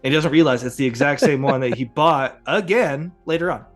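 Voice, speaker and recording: This male podcast host sounds a little high and speaks fairly quickly, with soft music underneath. He rambles casually, chuckling often and leaning on lots of fillers.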